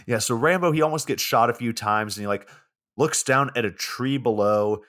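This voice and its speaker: A man's voice: mid-range voice, moderate pace, fairly bright tone. A man hosting a casual podcast, retelling a film's plot in a laid-back, wry way with plenty of swearing. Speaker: podcast host. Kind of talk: casual movie plot recap.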